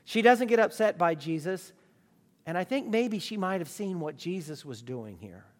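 High-voiced man preaching in a hall. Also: lively intonation, moderate pace. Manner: emphatic, rhetorical questions. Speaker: pastor. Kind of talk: sermon. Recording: long reverb of a large hall.

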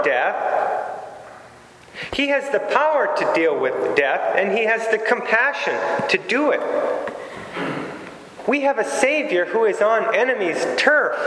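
High-voiced guy giving a sermon, slow and emphatic, big echoey church sound with a faint hum behind. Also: fairly bright tone. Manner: emphatic, with dramatic pauses and repetition. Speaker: preacher. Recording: very echoey hall with long reverb.

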